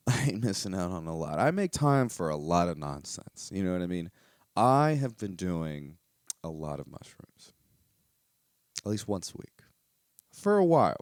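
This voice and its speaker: A man's voice: low-pitched, normal speed, long pauses, no room sound, studio quality. A man hosting a podcast, rambling through a casual comedic monologue full of swearing and filler words. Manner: profane, animated, heavy on filler words. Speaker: podcast host.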